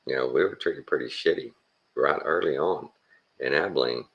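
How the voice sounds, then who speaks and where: A man's voice: very deep voice, moderate pace, creaky, fairly bright tone, muffled recording. A man from Texas with a Texan accent, talking in a blunt, plainspoken, rambling monologue full of folksy slang. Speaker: vlogger.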